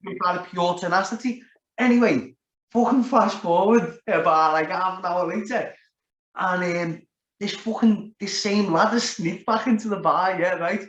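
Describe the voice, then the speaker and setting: A man's high, slightly bright voice carries a Liverpool accent at a moderate pace. He rambles through a story in easygoing chat, with heavy swearing and plenty of "like." The recording is roomy, dull, and lo-fi.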